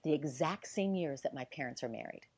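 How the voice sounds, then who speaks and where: A middle-aged woman with a somewhat low voice recounts a personal story in easy conversation. She is animated and emotional, acting out the dialogue and at times dropping almost to a whisper. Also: fairly quick, slightly rough. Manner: animated, acts out dialogue, sometimes drops to a hush; heartfelt and emotional. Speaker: guest telling a personal story.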